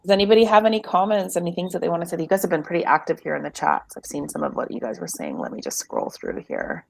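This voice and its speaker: A woman hosting a livestream in a casual, chatty way, greeting viewers and reading out contact numbers slowly. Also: fairly low pitch, sing-song, vocal fry. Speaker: livestream host. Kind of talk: casual chat.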